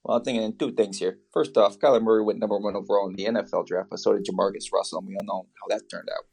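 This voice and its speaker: A man co-hosting a fantasy football podcast in casual chat, dry and jokey in a measured way. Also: on the low side, steady tone, vocal fry, darkish tone.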